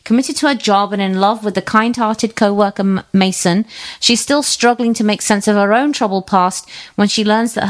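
A woman co-hosting a film review podcast, chatting lightly and reading out a film synopsis. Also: mid-range voice. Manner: lively, reads synopsis smoothly. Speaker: podcast co-host. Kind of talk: casual chat and read review intro.

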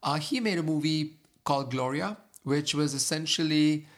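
A man's voice: a little high, normal speed, a bit bright. A man co-hosting a film podcast, reviewing movies in an enthusiastic, rambling way with many fillers. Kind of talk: casual film review chat.

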